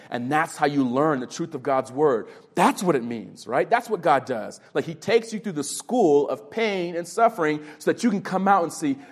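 A man in his thirties preaching a sermon as a youth pastor, telling a personal story with earnest, rising emphasis. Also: on the high side. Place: retreat meeting room.

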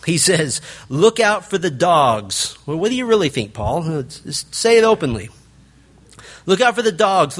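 A man's voice: a little high, fairly bright tone. A male pastor preaching a sermon, explaining scripture and growing emphatic when he quotes it.

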